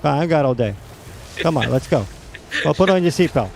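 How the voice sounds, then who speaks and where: A man voicing a brash, impatient male New York cab driver in a gruff, bossy New York accent. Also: on the high side, lively intonation, fairly quick, noisy background, voice pushed up. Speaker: streamer. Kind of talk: comic bit during gaming stream.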